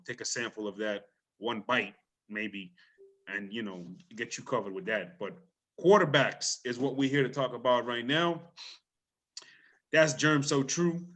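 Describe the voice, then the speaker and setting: This podcast host is a man running a laid-back sports talk show at a medium pitch. He's lively and unpolished, frequently starting over, with a hint of island lilt beneath the broadcast polish.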